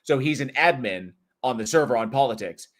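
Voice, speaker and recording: A man with a mid-range, expressive voice talks a little fast as he hosts a live online talk stage. He greets listeners in a chatty, jokey, rambling way, kidding around with them casually.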